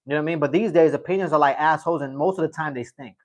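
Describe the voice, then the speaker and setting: A man's voice: on the high side, racing. A middle-aged man hosting a casual livestream, reading chat and telling a rambling story, often repeating himself.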